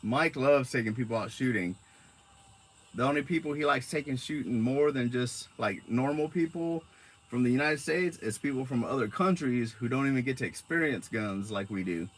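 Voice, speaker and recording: A man from Arizona chats on a casual live stream in a mid-range voice with lively intonation and a moderate pace. He rambles through his stories in a laid-back way, swearing freely as though among friends.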